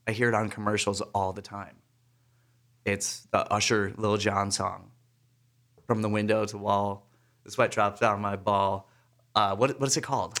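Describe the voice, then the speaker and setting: A man's voice: on the low side, steady tone, measured pace, pauses often, a bit bright. A man in his thirties co-hosting a casual conversation. He tells easygoing stories, laughs readily and wanders off into side remarks. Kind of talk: casual chat.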